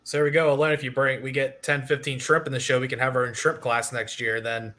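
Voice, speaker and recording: A man's voice: medium pitch, flat delivery, fast talker, sharp tone. A man co-hosting a livestream, talking in an easygoing, chatty way. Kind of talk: casual chat.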